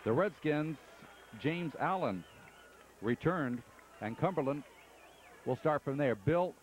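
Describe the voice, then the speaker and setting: A man doing radio play-by-play of a football game from the press box, calling each play briskly and steadily. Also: a little high, expressive, slight background noise. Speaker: play-by-play announcer.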